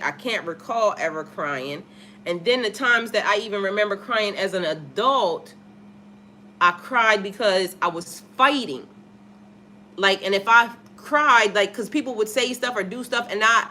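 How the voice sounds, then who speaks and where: A woman's voice: medium pitch, bright, forceful tone, a little hiss or hum. A woman, a spiritual life coach, telling a personal story on a casual livestream in a candid, profane way and greeting viewers in the chat.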